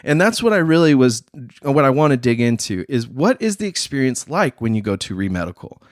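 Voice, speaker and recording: A man hosting a casual talk show, talking in slang and acting out other people in quick voices. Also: mid-range voice, big pitch swings, no echo, clean studio sound. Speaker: podcast host. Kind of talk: casual chat.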